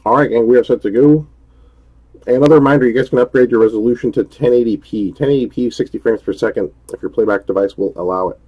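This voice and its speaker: A man's voice: medium pitch, fast talker, breathy edge, muffled recording. A man hosting a live-streamed trading card break, chatty and upbeat, greeting viewers by name as he opens packs.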